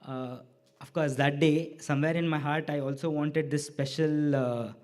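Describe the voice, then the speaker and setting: A middle-aged man telling a personal devotional story to a hall audience, acting out his own lines and the lines of others with lively shifts of voice. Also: on the high side, normal speed. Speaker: speaker sharing a devotional story.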